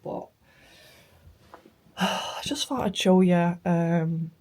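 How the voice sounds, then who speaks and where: A young woman chats casually in a vlog, emotional and halting. Her lowish, slightly mellow voice is hoarse from flu and tonsillitis, and at times it drops to near-whispers.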